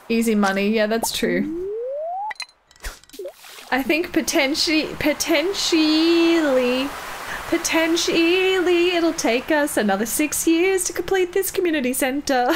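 A woman's voice: fairly high pitch, noisy background. A woman streaming a game, chatting casually with her viewers and laughing often. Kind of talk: casual live-stream chat while gaming.

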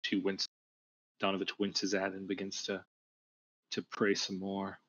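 A man narrates a tabletop game as its game master, stopping and restarting often. His voice sits low and sounds dull, as if through a cheap home mic. The room is dry and close. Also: monotone, a bit bright, dry recording. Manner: halting, with many fillers and restarts.

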